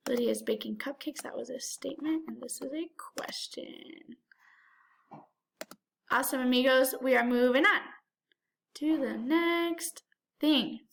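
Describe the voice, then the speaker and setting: A woman's voice: high-pitched, fairly bright tone. A woman teacher giving a remote lesson to young children, talking directly to them in an encouraging, sing-song way.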